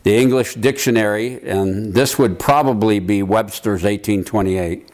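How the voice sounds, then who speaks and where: A man with a fairly low voice teaches a Bible study group. He talks in a relaxed, halting way and keeps asking the room questions as he works through a passage. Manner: conversational, halting, quizzes the room.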